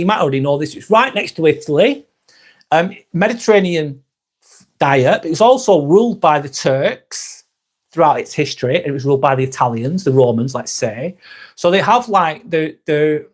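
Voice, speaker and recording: A chatty man hosts a live stream with a slightly raised voice. He reads out viewer comments in a relaxed, friendly way, calling people mate, and turns firm when trolls show up. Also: fairly high pitch, husky. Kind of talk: casual live chat reading comments.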